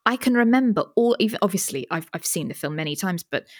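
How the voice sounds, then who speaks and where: Fast and expressive, this lowish-voiced British woman co-hosts a podcast with no room sound. She talks enthusiastically into a pop-filtered studio mic in casual chat, often starting her sentences over.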